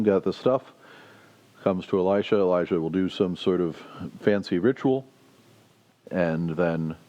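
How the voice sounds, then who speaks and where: A deep, mellow male pastor teaches a Bible study in an easy conversational way. He stops and restarts often and lifts his voice when he acts out the quotes. The recording is dull and lo-fi.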